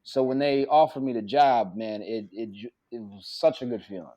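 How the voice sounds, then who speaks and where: A man, an actor guest on a podcast, telling stories in an animated, casual way with plenty of cursing and acted-out quotes. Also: mid-range voice, moderate pace. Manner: animated, profane, acts out quotes. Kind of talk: casual storytelling.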